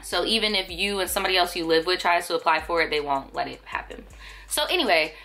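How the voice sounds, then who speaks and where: A young woman with a slightly raspy voice, narrating a storytime vlog in a casual, slangy, profane way. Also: lowish voice, lively intonation, fast talker, bright, forceful tone, soft background music. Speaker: vlogger.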